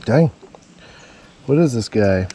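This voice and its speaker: A man, excitedly narrating his creek fishing trip to viewers. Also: lowish voice, slow, husky. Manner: excited, drawling exclamations to viewers. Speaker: fishing vlogger. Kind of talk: casual outdoor commentary.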